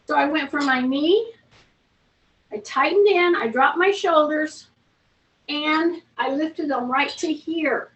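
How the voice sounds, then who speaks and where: A woman's voice: high-pitched, slow pace, fairly bright tone, far from the mic. A woman fitness instructor leading a seated strength class at home, coaching in a chatty way and calling out breaths and reps. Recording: roomy, from off-mic, faint noise.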